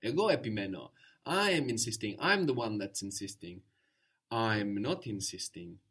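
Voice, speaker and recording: A man teaching a spoken language lesson, patient and encouraging, explaining slowly and repeating words. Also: on the low side, expressive, a bit bright, slightly rough.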